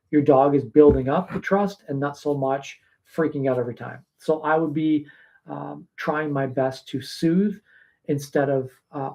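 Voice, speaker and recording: A man working as a dog trainer, giving calm, practical advice on a live stream, pausing often with fillers. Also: a little high. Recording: slightly muffled stream audio.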